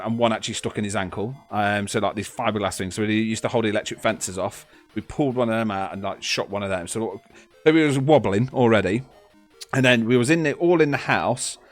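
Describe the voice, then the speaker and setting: Laughing, rambling man telling stories. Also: on the low side. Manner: rambling, laughing, swearing storyteller. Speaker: podcast co-host. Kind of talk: casual storytelling chat.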